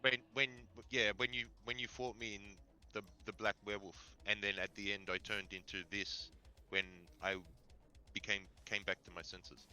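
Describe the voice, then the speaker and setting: Low, very bright-voiced player man. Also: level tone, normal speed, clear, resonant tone, poor audio. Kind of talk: casual chat during a tabletop game.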